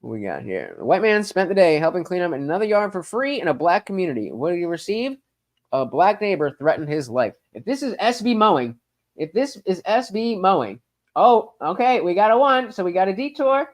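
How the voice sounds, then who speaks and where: A man's voice: sits high, sing-song, brisk. A man hosting a casual livestream, reading chat and rambling profanely with lots of stammered fillers. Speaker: streamer host reading live chat.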